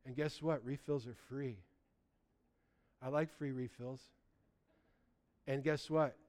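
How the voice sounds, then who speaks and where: A man, preaching a sermon, animated, swinging between loud bursts and quiet asides. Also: mid-range voice, takes it slowly. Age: 60s. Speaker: pastor.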